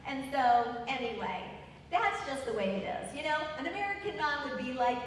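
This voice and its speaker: A woman telling comic family stories on stage in an animated way. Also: sits high, unhurried, pauses often, slight background noise. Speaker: storyteller. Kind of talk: stage storytelling. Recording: echoey hall, distant mic.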